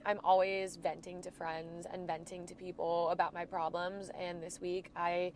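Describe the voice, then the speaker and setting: A woman's voice: fairly low pitch, a little hiss or hum. A woman in her twenties from Florida with a stuffy nose from a cold, talking through a reflective, rambling weekly diary check-in for her vlog. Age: 20s. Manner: reflective, rambling, soft-spoken. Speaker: vlogger.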